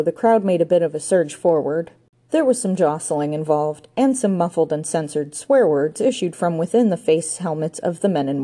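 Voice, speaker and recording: A woman narrating an audiobook with a low, mellow voice. Her reading is dry and steady.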